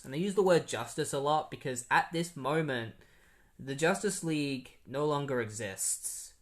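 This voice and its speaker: A man's voice: a little high, expressive, moderate pace. Rambling casual podcast guy. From Australia. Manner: rambling, sarcastic, frequent fillers. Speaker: podcast host. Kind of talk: casual comic-book recap.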